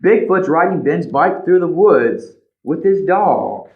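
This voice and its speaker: Animated male librarian reading aloud. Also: on the high side, takes it slowly. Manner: animated, points out pictures, asks children questions. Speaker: children's librarian. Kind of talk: picture book read-aloud. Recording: slightly dull lo-fi recording.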